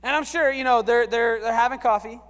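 A man preaching a sermon as a pastor, animated and swinging from hushed to shouting. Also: extremely high pitch, a little fast, smooth. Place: church sanctuary. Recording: long hall reverb.

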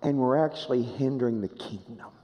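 A man preaching a sermon as pastor, swinging dramatically from hushed low phrases to raised, emphatic ones and repeating rhetorical questions. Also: a little fast, long reverb tail, lo-fi sound.

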